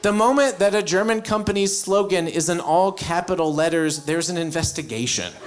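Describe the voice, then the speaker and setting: An American man performing a live stand-up set on stage, animated and mock-shouting his punchlines. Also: sits high, fairly quick, hardly any pauses. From United States. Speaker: stand-up comedian. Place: comedy stage before a live audience.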